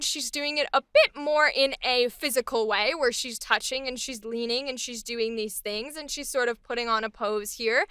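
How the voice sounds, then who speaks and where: A woman's voice: sits high, pushed and bright, clear, resonant tone, no room sound, clean studio sound. A woman voice actor talking through a character in a casual, enthusiastic, playful way. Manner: enthusiastic, playful, acts out quick snippets.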